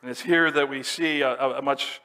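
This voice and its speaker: A pastor giving a sermon, explaining scripture verse by verse in a teaching manner. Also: male voice, mid-range voice, steady tone, moderate pace, pushed and bright. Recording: long reverb of a church hall.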